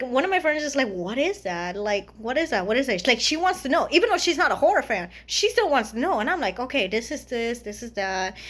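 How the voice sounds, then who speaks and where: A woman's voice: high voice, fairly bright tone. A young woman vlogger chatting casually about a film she saw. She rambles, swears freely and laughs often. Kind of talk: casual chat.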